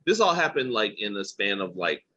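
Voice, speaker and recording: A man co-hosting a podcast, excitable and jumping into mock voices in casual chat. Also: on the low side, brisk, breathy edge, dull audio. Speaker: podcast co-host.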